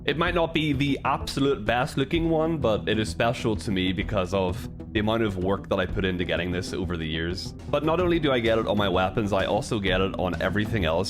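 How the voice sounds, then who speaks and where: A young man livestreaming, chatty and then bursting into loud, breathless excitement while reacting. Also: lowish voice, fairly quick. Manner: chatty show-and-tell. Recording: music playing behind.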